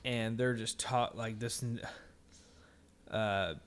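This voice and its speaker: A man's voice: lowish voice, steady tone, slow, smooth. A man co-hosting a podcast, telling a story in casual, profane chat and mimicking people in it. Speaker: podcast co-host.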